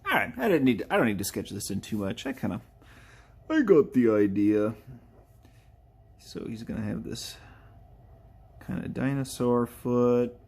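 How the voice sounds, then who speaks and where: A man drawing live speaks in a mid-range, slightly mellow, slightly rough voice with lively intonation, normal speed and frequent pauses. His casual running commentary rambles as he thinks aloud, and he laughs at his own jokes and often leaves thoughts hanging.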